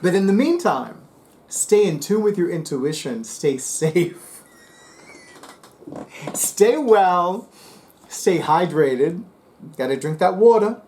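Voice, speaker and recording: A man's voice: sits high, lively intonation, takes it slowly, long pauses, a little mellow, slight background noise. Chatty man from New Jersey reviewing books. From New Jersey, USA. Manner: chatty, rambling, with many fillers. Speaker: BookTube channel host. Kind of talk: casual book review vlog.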